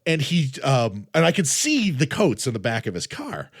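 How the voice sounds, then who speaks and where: A man in his forties hosting a podcast, telling stories in a casual, animated way with frequent stammered restarts. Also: medium pitch, moderate pace, breathy edge. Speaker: podcast host. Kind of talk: casual chat.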